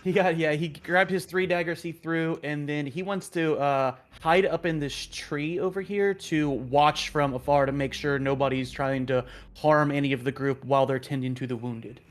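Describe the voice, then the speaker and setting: A man playing a tabletop game, describing his character's actions in a casual, halting way. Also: fairly high pitch, fairly even intonation. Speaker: player.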